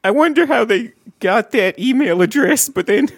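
A man co-hosting an improvised comedy podcast, tossing out offhand deadpan quips. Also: very high voice, moderate pace, creaky. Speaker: podcast co-host.

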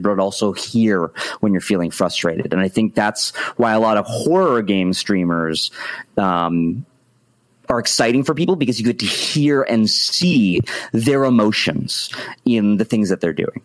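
A man from the United States, an interview guest, talking in an expressive, animated way. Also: measured pace. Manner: animated and expressive, swoops pitch for emphasis.

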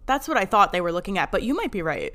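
A woman's voice: medium pitch, sing-song, racing, a bit bright. A woman co-hosting a podcast, chatting casually and reading out scene recaps in a friendly way. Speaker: podcast co-host. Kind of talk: casual chat and read plot recap.

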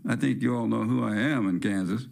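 A man's voice: on the low side, a little fast, creaky, a little mellow. A man from California hosting a talk-radio show, delivering a blunt, rambling, opinionated rant. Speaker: host. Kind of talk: ranting talk-radio monologue.

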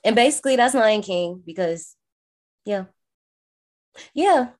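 A woman co-hosting a podcast in casual chat, recapping a film in an animated, profane way. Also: mid-range voice, unhurried. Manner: animated, profane, acts out characters. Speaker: podcast co-host.

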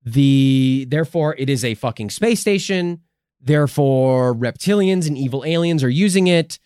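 A man's voice: medium pitch, moderate pace, clean tone, no echo, clean studio sound. A man hosting a casual podcast, telling stories in a joking, profane way. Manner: profane, joking, animated storytelling. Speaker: podcast host. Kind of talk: casual conspiracy podcast chat.

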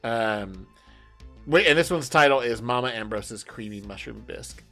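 A man's voice: mid-range voice, animated, normal speed, sharp tone, soft background music. A man hosting a podcast, chatting casually and laughing, swearing now and then. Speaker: podcast host. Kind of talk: casual chat.

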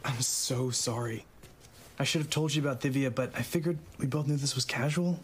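A man's voice: medium pitch, a little fast, a little hiss or hum, natural voice. An actor playing a sheepish young man apologizing to his ex in a sitcom. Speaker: ex-boyfriend.

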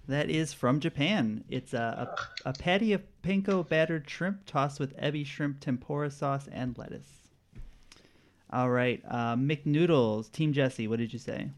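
A man's voice: mid-range voice, a little slow, a little hiss or hum. A man hosting a casual quiz game with friends, reading out answers in a laid-back way and laughing often. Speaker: quiz host. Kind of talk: casual group game chat.

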